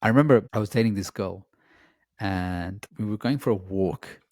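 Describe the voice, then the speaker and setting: A man speaks earnestly and reflectively, telling a personal story as an interview guest. His voice sits slightly low, and he often pauses on "you know". The sound is dry and close, with no room echo. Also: a little mellow.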